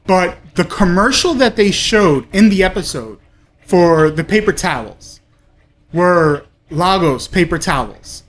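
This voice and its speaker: A man's voice: high-pitched, lively intonation, measured pace, fairly bright tone. A man hosting a casual TV episode review, talking in a rambling, gushing way with frequent exclamations. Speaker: host of a TV review show.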